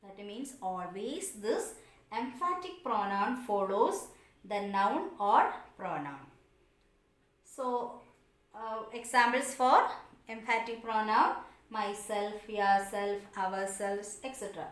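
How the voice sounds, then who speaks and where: Female grammar teacher, slow and patient, lively intonation, echoey room. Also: mid-range voice. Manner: patient, asks students questions, repeats examples; non-native English phrasing. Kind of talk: online grammar lesson.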